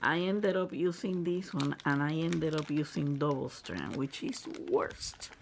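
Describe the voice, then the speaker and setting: A craft vlogger talks viewers through a review at an unhurried, slow pace, with a gravelly, creaky edge to the voice. The delivery is chatty and explanatory, with phrases often restarted mid-sentence. Materials are held up to the camera while the speaker explains. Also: mid-range voice, a little hiss or hum. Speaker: crafter and channel host. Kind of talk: casual craft review and tutorial talk.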